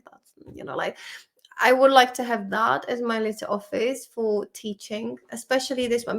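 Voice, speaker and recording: A woman from the in her thirties, an English teacher chatting casually and emotionally, laughing and swearing as she goes through vocabulary. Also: on the high side. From Czech Republic. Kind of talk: casual vlog-style study session.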